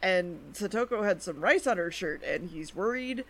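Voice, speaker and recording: In a casual podcast chat, a woman co-host goes over anime episodes with a lowish, fairly bright voice and an animated delivery. Her talk is loose and chatty, sprinkled with fillers and quick character quotes.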